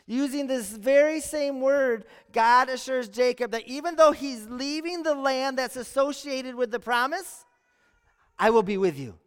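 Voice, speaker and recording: Very high-voiced male pastor preaching. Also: measured pace, clear, resonant tone. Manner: earnest preaching with rhetorical questions and repeated phrases. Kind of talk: sermon. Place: church sanctuary. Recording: long church hall reverb.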